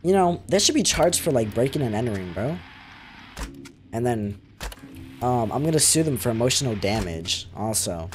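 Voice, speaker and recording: A man's voice: medium pitch, very animated, moderate pace, soft background music. Jumpy, swearing young gamer guy. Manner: jumpy, swears a lot, talks back to the game. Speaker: gaming video creator. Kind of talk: live reactions while playing a horror game.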